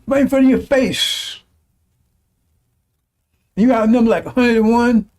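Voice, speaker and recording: A man's voice: extremely high pitch, normal speed, darkish tone. A man preaching a fiery religious broadcast sermon, scornful and mocking, often laughing and repeating his phrases.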